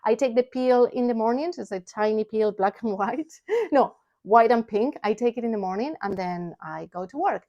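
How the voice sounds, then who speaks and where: A woman in her forties, talking casually to camera in a personal vlog, animated and excitable, dropping into hushed asides and then bursting with enthusiasm. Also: on the high side, normal speed, muffled recording. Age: 40s. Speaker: vlogger and entrepreneur.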